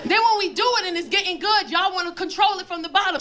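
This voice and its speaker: Bold high-voiced woman doing stand-up. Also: fast, hardly any pauses, heavy background noise. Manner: bold, loud, animated storytelling with put-on voices. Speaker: stand-up comedian. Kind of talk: stand-up comedy set. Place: comedy club stage with a laughing audience. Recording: live club recording with crowd laughter.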